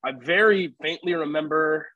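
A young man tells a rambling story on a podcast, his voice bright and forward. He laughs easily as he goes. The sound is dry and close, with no room around it. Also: on the high side, moderate pace, dry recording, muffled recording. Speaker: podcast co-host. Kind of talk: casual storytelling chat.

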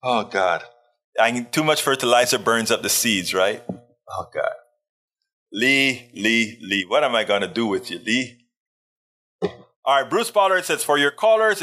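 A man with a bright, forceful voice hosts a live stream in a loose, chatty way. He reads viewer comments aloud and throws in joking asides between them. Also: medium pitch. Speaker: livestream host. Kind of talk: casual live chat reading viewer comments.

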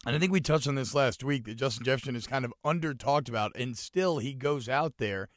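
Animated man talking college football. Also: medium pitch, a little fast, dry recording, studio quality. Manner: animated, rising to excited shouting. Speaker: podcast co-host. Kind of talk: casual sports talk.

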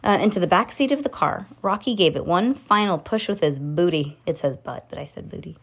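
A woman's voice: fairly low pitch, lively intonation, brisk, slightly rough. A woman in her thirties, a mother hosting a podcast, chatting with her child and reading a children's book aloud in a giggly, talkative way.

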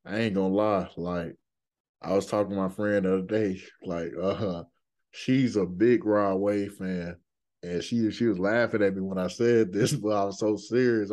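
A man hosting a casual podcast, with a very low voice that barely moves in pitch. He talks in a relaxed, hesitant way, filling the gaps with plenty of fillers. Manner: laid-back, hesitant, many fillers. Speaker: podcast host.

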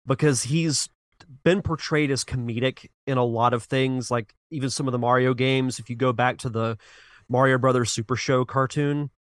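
A man's voice: mid-range voice, steady tone, normal speed, no echo, studio quality. A man co-hosting a podcast, chatting casually and earnestly about games and movies, often restarting his sentences as he reasons aloud. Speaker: podcast co-host.

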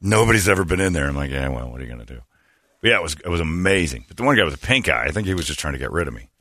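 Very fast and animated, a deep-voiced radio talk show host sounds pushed and bright as he banters through a comic story. He rambles, interrupts himself, and laughs at his own jokes, and there's no echo on the audio.

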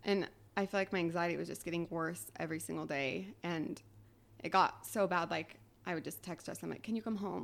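A young woman on a podcast telling a painful personal story in a quiet, halting way, full of "like"s and sometimes near tears. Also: on the low side, gravelly. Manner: quiet, halting, tearful at times, many "like"s. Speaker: podcast guest.

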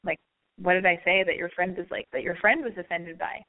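A woman's voice: lowish voice, steady tone, fairly quick. A chatty, brash woman hosting a podcast, telling a story in a casual monologue. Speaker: podcast host. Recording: narrow phone-like sound.

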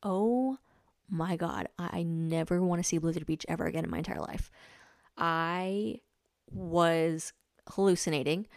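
A woman's voice: fairly low pitch, a little slow, darkish tone, no room sound, clean studio sound. A woman in her twenties hosting a podcast, casually chatting about a race, full of "like" fillers. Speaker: podcast host. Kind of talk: casual chat recounting a race.

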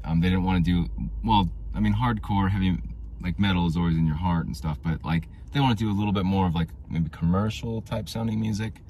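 A man hosting his own podcast, telling rambling, tangent-filled stories in a casual way, with audible vocal fry. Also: low voice, brisk, mellow, slight background noise. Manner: rambling, tangent-prone storytelling. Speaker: podcast host.

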